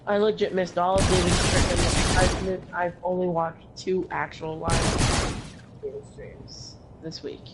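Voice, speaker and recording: A woman's voice: fairly low pitch, level tone, unhurried, heavy background noise. A tired woman chatting casually while playing an online game, swearing now and then. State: tired, yawning. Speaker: co-player on a gaming stream. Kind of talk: casual chat while gaming.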